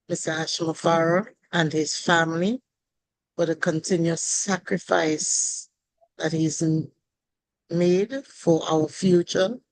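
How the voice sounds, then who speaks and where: Slow, hoarse woman hosting a video call. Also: fairly low pitch, rough recording. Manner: slow, emotional, grateful, with pauses. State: hoarse, voice worn out. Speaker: host of an online panel. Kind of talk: heartfelt thank-you speech on a video call.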